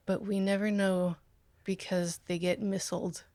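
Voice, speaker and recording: A woman's voice: mid-range voice, steady tone, measured pace, dry recording, clean studio sound. A woman hosting a comedy podcast, chatting casually about a movie, laughing often and sarcastic. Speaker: podcast host.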